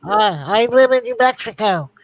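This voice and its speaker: A man joining a casual online chat as a guest, joking and relaxed, hesitating with uhs. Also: sits high, moderate pace. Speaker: guest caller on a stream.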